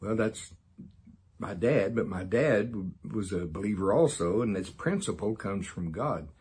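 Husky low-voiced man, folksy Bible teacher, excitable and chuckling.

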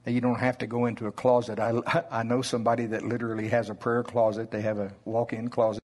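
A man preaching a sermon in a slow Oklahoma drawl, deliberate and conversational. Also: medium pitch, flat delivery, a little mellow.

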